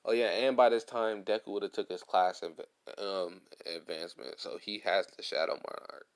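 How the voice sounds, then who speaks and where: A man casually telling an improvised fan story, rambling and slangy, full of fillers. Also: low-pitched.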